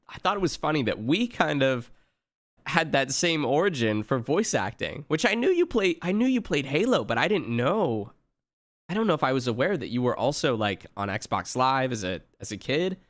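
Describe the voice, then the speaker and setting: A man's voice: medium pitch, big pitch swings, moderate pace, fairly bright tone, no room sound, studio quality. Playful man laughing through casual chat. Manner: laughs often, playful, does silly voices. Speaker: streamer host, voice actor.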